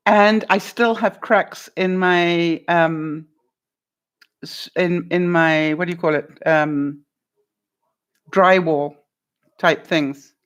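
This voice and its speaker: A woman's voice: fairly low pitch, steady tone, slow, long pauses, clean tone, lo-fi sound. An older woman vlogger chatting casually with viewers on a live stream from her home, laughing often and calling people by name. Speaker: vlogger answering live chat.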